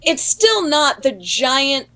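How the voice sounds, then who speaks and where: A woman's voice: high voice, big pitch swings, slow, bright, forceful tone. A woman co-hosting a podcast, chatting casually and ranting at length with strong opinions. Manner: opinionated, talks in long run-on rants. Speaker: podcast co-host. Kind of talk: casual panel chat.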